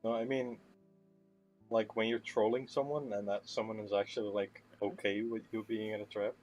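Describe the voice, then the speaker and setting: A male podcast host asking a guest relaxed, direct questions. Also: on the low side, moderate pace, muffled recording, soft background music. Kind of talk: interview questions.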